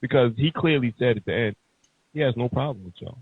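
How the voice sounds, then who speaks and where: A man's voice: medium pitch, fairly quick, husky, no room sound. A man hosting a podcast, ranting heatedly and emphatically in casual, profane talk. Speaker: podcast host. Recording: tinny phone-like sound.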